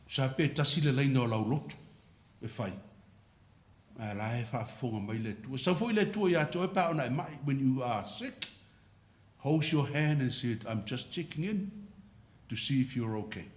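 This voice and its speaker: A male pastor with a Samoan accent preaches a Sunday sermon, weaving a story and moving between Samoan and English. His voice sits at a middle pitch. The church around him adds a roomy echo. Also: lively intonation, normal speed.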